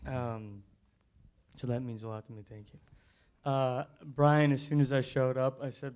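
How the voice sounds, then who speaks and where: A man's voice: mid-range voice, flat delivery, unhurried, darkish tone, clear, resonant tone. A man, an actor on a panel, talking casually and stammering a little as he tells a story. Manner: self-deprecating, stammering.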